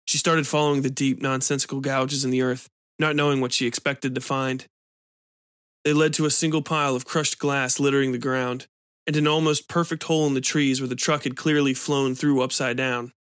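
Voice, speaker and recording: Man narrating a dark story. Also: mid-range voice, smooth, no echo, clean studio sound. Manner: steady, measured storytelling. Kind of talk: audio fiction reading.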